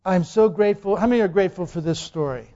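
High-voiced preacher in a reverberant hall. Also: male voice, fast, dark tone. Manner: asks the congregation questions, repeats phrases for emphasis. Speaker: pastor. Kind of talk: sermon. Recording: dull lo-fi sound with long hall reverb.

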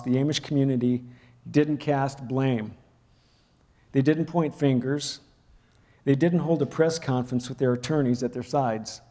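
A man preaching a sermon, telling a personal story and acting out the raised voices in it. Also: medium pitch. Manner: storytelling, acts out quoted shouting. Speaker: pastor. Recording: long hall reverb.

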